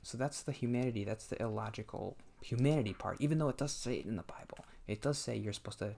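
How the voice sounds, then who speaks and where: A man's voice: medium pitch, fast, creaky, darkish tone. A man talking casually while he plays a game, thinking aloud in a hesitant way and often restarting his sentences. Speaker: gameplay commentator.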